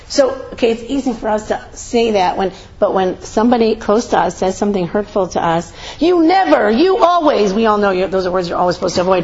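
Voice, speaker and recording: A woman speaks to an audience in an informal lecture, animated and conversational, acting out quotes and throwing in rhetorical questions. Her voice sits at an ordinary pitch. The recording is a little dull and muffled, with a faint hiss underneath. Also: vocal fry. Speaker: speaker giving a talk.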